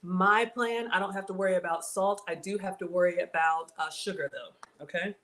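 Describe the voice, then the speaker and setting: A woman's voice: on the low side, steady tone, moderate pace, fairly bright tone. A woman hosting a casual cooking livestream, chatting with viewers about her food and reading their comments. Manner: chatty, reads viewer comments, says y'all.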